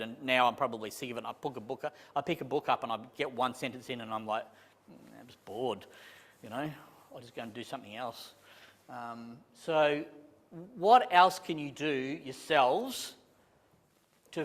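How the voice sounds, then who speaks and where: A man giving a casual, joking training talk to a live audience, with many restarts. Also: medium pitch. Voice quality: chatty, animated, self-deprecating jokes, many restarts. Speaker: property management trainer. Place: conference room with a live audience. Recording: long reverb in a large hall.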